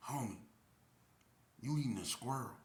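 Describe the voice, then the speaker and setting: A man voicing a grown male friend who speaks in a low, quiet, blunt and serious way. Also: normal speed, reverberant, close to an everyday voice.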